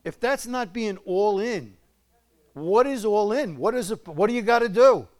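An older man gives a loose, folksy sermon, chuckling between points and firing questions at his listeners. His voice sits a little high for a man. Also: lively intonation, a little slow, a little mellow. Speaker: preacher. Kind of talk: conversational sermon.

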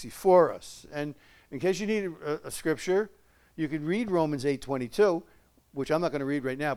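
Folksy older male preacher, slightly high. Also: clear, resonant tone. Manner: folksy, chuckling, asks the audience questions. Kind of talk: conversational sermon.

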